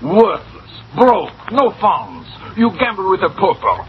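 An actor playing a scheming, blustering café manager in an old-time radio drama, full of theatrical insults. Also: male voice, sits high, huge pitch swings, measured pace, slight background noise, heavily acted. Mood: scornful. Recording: dull lo-fi old radio broadcast.

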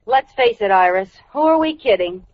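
A woman's voice: fairly high pitch, animated, lightly acted. A woman playing a wisecracking radio-comedy wife. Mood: teasing. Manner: teasing, quick comebacks. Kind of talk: 1940s radio comedy acting. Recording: dull, hissy old radio broadcast.

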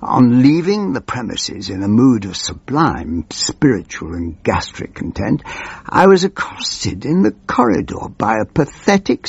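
A man's voice: mid-range voice, vocal fry, a little mellow, husky, dry recording, muffled recording, exaggerated voice. An actor playing a doddering, forgetful old male member of parliament who rambles pompously through his muddled memories. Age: older. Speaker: comic character monologue. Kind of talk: scripted comic monologue.

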